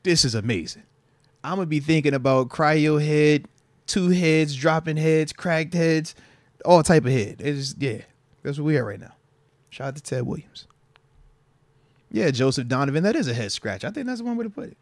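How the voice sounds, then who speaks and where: Thirty-something guy hosting a podcast, slangy, gets loud and excited, pretty dry mic. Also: fairly high pitch, moderate pace, no room sound. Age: 30s. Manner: animated, slangy, laughing. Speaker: podcast host. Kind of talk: casual chat.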